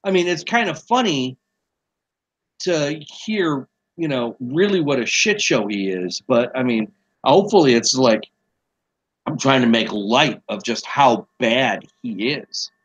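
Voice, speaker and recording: A man's voice: medium pitch, expressive, a little slow, breathy edge, dull audio. A man co-hosting a podcast in casual chat, swearing freely and reading quotes aloud as a quiz. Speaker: podcast co-host.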